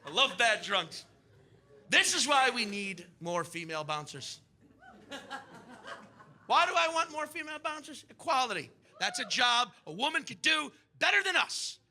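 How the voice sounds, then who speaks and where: A man doing a stand-up comedy set on a club stage, profane and animated, acting out characters. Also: extremely high pitch, moderate pace.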